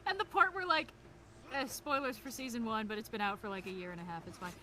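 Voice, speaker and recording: A woman's voice: fairly high pitch, quick pace, sharp tone. A woman co-hosting a game stream, talking in a sarcastic, rambling way. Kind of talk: casual chat while gaming.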